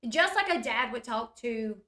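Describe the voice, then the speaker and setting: A woman's voice: a little high, lively intonation, normal speed, sharp tone. A woman talking straight to her viewers in a casual, chatty recap, full of "like" and "you guys". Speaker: reality TV recap YouTuber. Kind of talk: casual reality-show recap.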